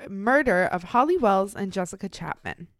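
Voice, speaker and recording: A woman co-hosts a true crime podcast and presents the case in a casual, upbeat, chatty way with plenty of fillers. Her medium-pitched voice is animated and fairly bright, at normal speed, with no echo.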